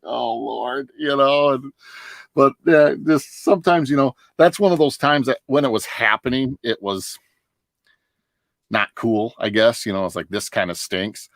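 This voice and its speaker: Speaking a little slowly with vocal fry in a mid-range voice, a middle-aged northern Michigan man chats casually as a guest on a livestream. There's no room sound, and he rambles through long tales, laughing frequently and restarting many times.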